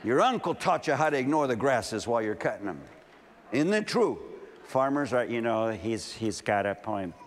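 A man's voice: medium pitch, moderate pace. A male pastor in his fifties, from California, delivers a sermon at a large camp meeting. He tells stories with animation and acts out the voices in his dialogue. His voice rings with a long hall reverb over a faint background hum. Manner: animated storytelling, acting out dialogue.

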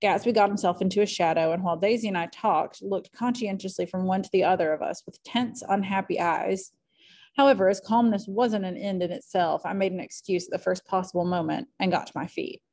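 A woman reading a classic novel aloud at home, with clear, expressive storytelling. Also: mid-range voice, brisk. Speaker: audiobook reader.

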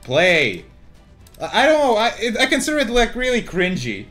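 A young man with a fairly high, very lively voice commentates his card game, jumping from loud shouts of hype down to low, mumbled thinking aloud. He swears casually and laughs a lot. Faint music plays behind him. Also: normal speed. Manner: swings between loud hype yelling and muttered thinking aloud. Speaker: gaming YouTuber. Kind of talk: excited gameplay commentary.

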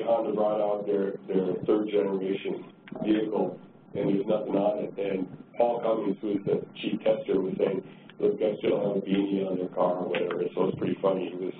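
A man giving a conference presentation in a loose, conversational way, often repeating words as he thinks. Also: on the low side. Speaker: transportation agency director giving a talk. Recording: distant, tinny and roomy with noise.

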